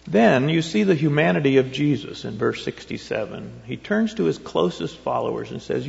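Gravelly-voiced male pastor preaching. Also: medium pitch, expressive, normal speed, hardly any pauses, darkish tone. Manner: rambling, rhetorical questions, reads scripture aloud. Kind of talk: conversational sermon. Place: church sanctuary. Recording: dull, echoey church recording.

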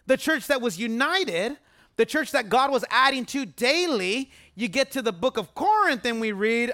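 A man's voice: very high voice, animated, moderate pace, bright, forceful tone, dry recording, studio quality. A man preaching a sermon as pastor, emphatic and conversational, repeating phrases for weight and asking the congregation to answer back. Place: church service.

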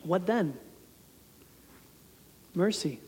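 A man's voice: sits high, animated, extremely slow, darkish tone. A man in his thirties giving a storytelling sermon as a pastor, conversational and self-deprecating, often laughing at himself. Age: 30s. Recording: reverberant hall sound.

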